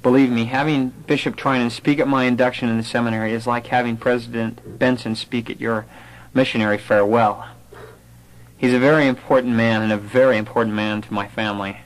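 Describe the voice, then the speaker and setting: A man's voice: medium pitch, fairly even intonation, a little fast, low-quality recording. A young man giving an earnest personal testimony, telling his story through remembered conversations. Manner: earnest storytelling, quoting others in dialogue.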